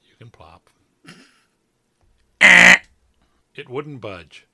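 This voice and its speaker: A man's voice: mid-range voice, animated, drawn-out words, husky. A man reading a story aloud for a podcast, joking and laughing as he flubs his lines. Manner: playful, teasing, laughs through flubbed lines. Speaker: podcast co-host and narrator.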